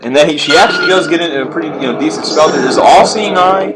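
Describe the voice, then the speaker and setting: A man's voice: on the high side, fast talker, heavy background noise. Profane man doing game commentary. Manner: profane, rambling, laid-back. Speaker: video game walkthrough player. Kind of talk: casual gameplay commentary. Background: game music.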